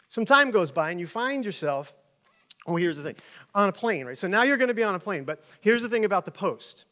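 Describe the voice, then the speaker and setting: Animated high-voiced male pastor. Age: middle-aged. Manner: animated storytelling with jokes and acted-out voices. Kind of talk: conversational sermon.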